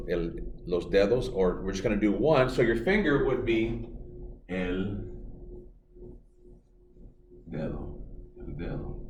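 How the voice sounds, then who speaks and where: Male teacher, playful, slow repetition; lowish voice, echoey distant recording. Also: a little hiss or hum. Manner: playful, jokey, repeats words slowly for students. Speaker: Spanish teacher. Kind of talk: remote classroom lesson. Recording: echoey room, from far off, faint music.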